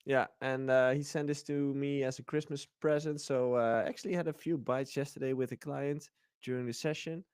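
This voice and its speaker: A man's voice: medium pitch, fairly even intonation, normal speed, few pauses, a little mellow, clean tone, dry recording, studio quality. A man co-hosting a livestream, chatting playfully and rambling with fillers. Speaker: livestream co-host. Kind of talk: casual livestream banter.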